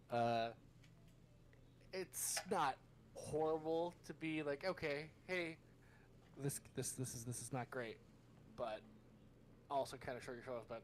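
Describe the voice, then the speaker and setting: A man on a casual podcast, speaking softly in a measured, reasoned way. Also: mid-range voice, a little hiss or hum, low-quality recording.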